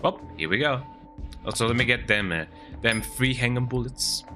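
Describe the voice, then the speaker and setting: A man's voice: medium pitch, normal speed, over music. A man streaming a video game, talking casually to viewers as he plays and often ending sentences with "eh?". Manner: chatty, lively, tags sentences with "eh?". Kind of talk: casual gameplay commentary. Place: home, with a cat on his lap.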